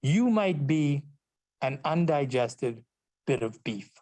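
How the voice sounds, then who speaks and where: Man reading a rude old miser, skeptical, curt, mellow tone. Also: on the high side, animated, slow. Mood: caustic. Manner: curt, caustic read-aloud.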